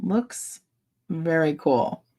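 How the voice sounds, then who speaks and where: A woman hosting a relaxed craft livestream in a low, gravelly voice. She talks slowly and rambles along chattily, laughing often as she goes. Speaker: livestream host. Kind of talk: casual livestream chat while crafting.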